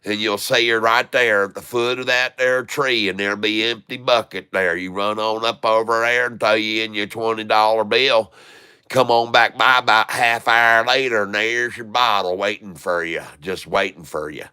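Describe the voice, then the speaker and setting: A man putting on a folksy old backwoods Deep South character with a thick drawl. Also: fairly even intonation, moderate pace, pushed and bright, clean tone, dry recording, clean studio sound.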